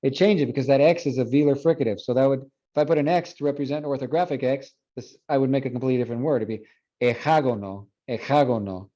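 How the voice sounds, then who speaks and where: A man teaching a phonetics class review, explaining and repeating words slowly to model pronunciation. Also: mid-range voice, dark tone. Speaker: Spanish phonetics instructor. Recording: dull lo-fi classroom recording.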